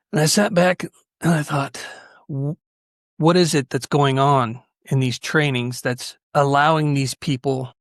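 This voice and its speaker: A man's voice: medium pitch, a bit bright, dry recording, clean studio sound. A man hosting a podcast, telling stories earnestly and with animation, often restarting his sentences. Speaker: podcast host. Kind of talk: conversational storytelling.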